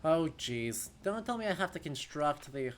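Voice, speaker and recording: A man's voice: on the high side, very animated, moderate pace, a little hiss or hum. A man streaming a video game, joking and sarcastic, sometimes slipping into a mock announcer voice. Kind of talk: casual let's-play commentary.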